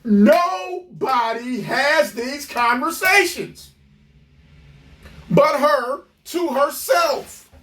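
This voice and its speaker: High-pitched mocking commentator. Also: expressive, drawn-out words, a bit bright. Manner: mocking, profane, incredulous. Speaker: commentator reacting to a clip. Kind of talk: ranting reaction commentary.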